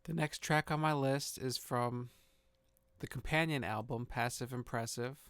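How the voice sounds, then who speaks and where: A man reviewing his own songs in casual spoken commentary, talking in a halting, reflective way with frequent nervous laughs and the odd casual swear. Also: mid-range voice, fairly even intonation, fairly bright tone, clear, resonant tone, no echo.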